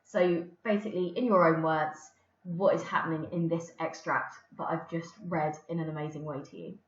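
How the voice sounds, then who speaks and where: A woman's voice: sits low, fairly even intonation, moderate pace. A woman English teacher giving a recorded lesson, explaining patiently with the odd filler. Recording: roomy, dull lo-fi recording.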